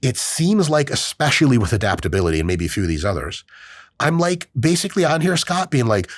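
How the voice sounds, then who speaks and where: A man's voice: medium pitch, brisk, no echo, studio quality. A man hosting a podcast in casual chat, swearing freely and acting out quoted voices. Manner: profane, animated, acts out quoted voices. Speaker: podcast host.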